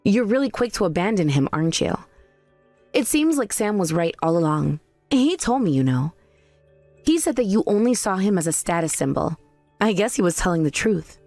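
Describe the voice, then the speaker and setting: A woman's voice: medium pitch, very animated, moderate pace, darkish tone, no room sound, faint music behind. A woman voicing a young fiancée who coldly accuses her future mother-in-law. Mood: cutting. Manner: cutting, accusing.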